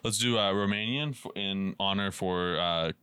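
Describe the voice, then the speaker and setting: A man's voice: deep voice, normal speed, pushed and bright, smooth, dry recording. Laid-back swearing podcast guy. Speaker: podcast co-host. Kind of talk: casual chat.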